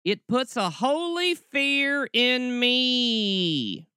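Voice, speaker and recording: Man doing a fervent Southern preacher woman, slow drawl, swooping high voice, dry close sound. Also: very animated, pushed and bright, smooth, no room sound, heavily acted. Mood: mocking.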